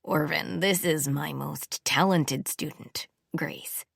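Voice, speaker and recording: A woman voicing a calm, persuasive male music professor, speaking softly and insistently. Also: takes it slowly, vocal fry, slightly rough, dry recording, clean studio sound, heavily acted. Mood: gentle, persuasive. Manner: soft, low, insistent. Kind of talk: audiobook character voice.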